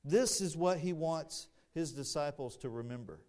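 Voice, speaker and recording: Preaching an expository sermon, this man moves at a slow, deliberate pace, his fairly high voice rising in volume on emphatic lines. Now and then he offers the congregation a dry aside.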